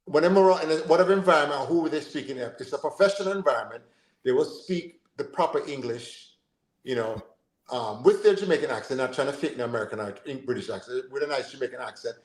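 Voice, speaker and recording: A man's voice: medium pitch, fast. A man speaking in a casual chat, reflective and talkative, sharing his own observations. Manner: reflective, chatty, laughs along. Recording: echoey room.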